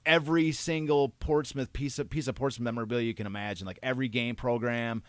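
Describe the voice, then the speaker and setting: A man co-hosting a podcast, telling rambling anecdotes with many restarts and fillers, getting animated and laughing as he tells them. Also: mid-range voice, fast talker, dry recording. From Detroit area. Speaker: podcast co-host. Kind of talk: casual chat.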